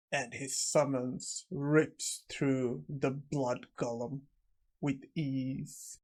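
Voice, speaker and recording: A man narrating a comic recap in a measured, monotone reading. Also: medium pitch.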